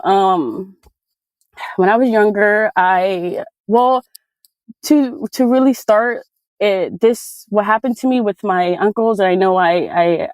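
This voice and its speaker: A woman in her twenties from California, a guest speaker giving an emotional personal testimony, halting and tearful, with many fillers. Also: mid-range voice, a little mellow, no room sound. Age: 20s. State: crying.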